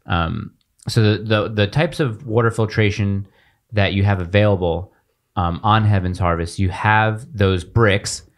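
A man hosting a podcast, chatting in an animated, rambling way that keeps wandering off topic. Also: lowish voice, unhurried. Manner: animated, rambling, easily sidetracked. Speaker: podcast host. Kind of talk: casual chat.

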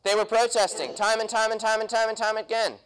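A man's voice: high-pitched, level tone, fast, a bit bright, smooth, poor audio. A young man speaking at a political convention, punchy and quizzing the audience with questions. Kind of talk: political talk to a live audience. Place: convention hall.

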